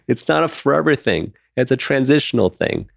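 A man's voice: mid-range voice, lively intonation, brisk, gravelly, no echo, studio quality. A man in his thirties, co-hosting a podcast, talking openly and emotionally in casual chat and swearing now and then. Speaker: podcast co-host.

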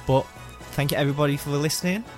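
A young man co-hosting a podcast in relaxed, casual chat with some hesitant fillers. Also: a little high, fast, over music. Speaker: podcast co-host.

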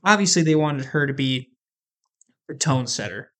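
A man in casual podcast talk, at an ordinary middle pitch for a man. He is easygoing, with plenty of filler words, and acts out his own reactions as little quotes. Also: animated, moderate pace, a bit bright. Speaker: podcast co-host. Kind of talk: casual chat about movies and shows.

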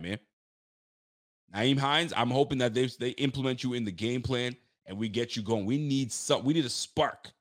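A fired-up man giving a rambling sports rant, full of restarts and street slang. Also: medium pitch. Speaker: sports fan commentator. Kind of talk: heated football rant.

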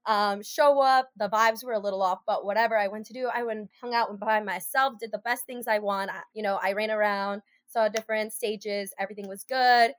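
A young woman, co-hosting a podcast and telling a story in a casual, animated way, full of fillers and swearing. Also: medium pitch, a little fast, hardly any pauses, dry recording. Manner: animated, lots of fillers and swearing, acts out quoted voices. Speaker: podcast co-host.

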